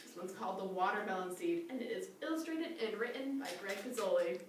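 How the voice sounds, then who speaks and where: A woman's voice: mid-range voice, brisk, heavy reverb, distant mic, a little hiss or hum. A woman, a children's librarian, leading a cheerful storytime and coaxing small children along.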